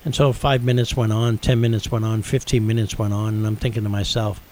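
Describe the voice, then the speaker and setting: A man's voice: on the low side, flat delivery, brisk, few pauses, a little mellow, slight background noise, low-quality recording. A middle-aged man hosting a radio show, earnestly telling a personal faith story with building intensity.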